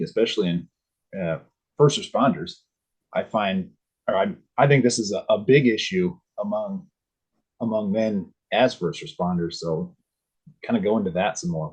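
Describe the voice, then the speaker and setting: A male podcast host with a low, husky voice. He asks his questions in a halting way, restarting his sentences often. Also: darkish tone, poor audio. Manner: hesitant, many fillers and restarts. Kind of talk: casual podcast interview.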